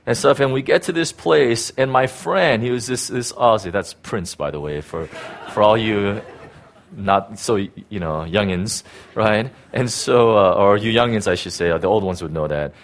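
A middle-aged pastor tells a personal story during a casual, rambling sermon. His voice is fairly low and his speed normal, with lots of fillers and restarts.

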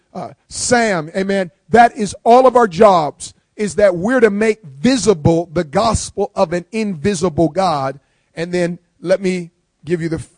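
A male preacher with a high voice delivers a live sermon to his congregation, with no room sound in the recording. He's emphatic and repeats key lines, swinging between quiet asides and loud declarations.

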